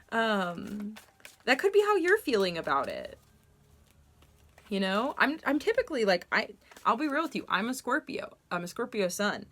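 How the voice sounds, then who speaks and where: A woman's voice: medium pitch, sing-song, moderate pace, a bit bright. A young woman giving a casual tarot reading to camera, candid and rambling, with frequent ums and self-corrections. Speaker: tarot reader.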